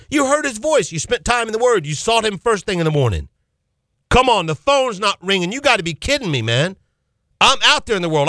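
A man preaches on his own Christian call-in radio show, fervent and emphatic, hammering home phrases by repeating them. His voice sits high and swoops up and down with lively energy. The sound is dry and close, straight from a studio mic. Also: dry recording.

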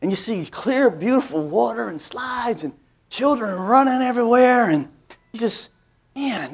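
High-voiced man preaching with folksy call-outs. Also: creaky, breathy edge. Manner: folksy storytelling with call-and-response asides; builds into emphatic repetitive cadences. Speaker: pastor. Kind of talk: preaching a sermon.

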